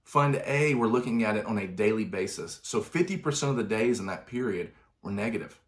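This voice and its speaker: A man's voice: fairly low pitch, expressive, fairly quick. A man giving a conversational finance lesson, correcting himself now and then and adding wry asides. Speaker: finance instructor. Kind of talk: explanatory video lesson.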